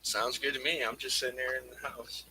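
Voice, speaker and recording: A man from Northwest Indiana calling into a live stream, giving brief low-key answers about his paintball team. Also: level tone, fairly quick, bright, forceful tone, slight background noise, poor audio. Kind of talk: casual chat.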